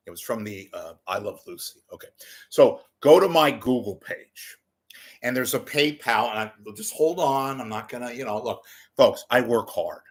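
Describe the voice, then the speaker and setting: A man talking into the camera in a rambling, jokey commentary, swearing and drifting between asides. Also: lowish voice. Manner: jokey, digressive, swearing, bursts into silly voices. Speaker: commentary vlogger. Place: home room with TV monitor behind.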